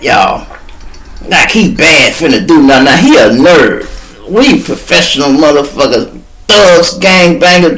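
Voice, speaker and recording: A man telling a rough street story on his podcast, animated and profane, slipping into the voices of the people in it. His voice sits fairly high and has a gravelly, fried edge. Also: rough recording. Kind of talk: casual storytelling.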